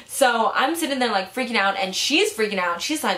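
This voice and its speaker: A young woman telling a story in casual, animated chat, full of "like" fillers. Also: a little high, brisk. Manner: chatty, animated, frequent "like" fillers. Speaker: vlogger. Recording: echoey room.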